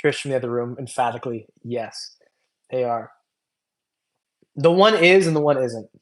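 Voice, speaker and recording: Here the reptile channel host, a man, sounds expressive at medium pitch and moderate speed. Fatigued from a long stream, he rambles and jokes loosely through chat comments, leaning on lots of fillers.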